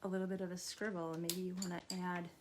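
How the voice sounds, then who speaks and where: A woman art therapist, middle-aged, gently walking viewers through a drawing activity and speaking directly to them. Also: fairly low pitch, flat delivery, fast talker, background noise. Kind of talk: instructional art therapy video.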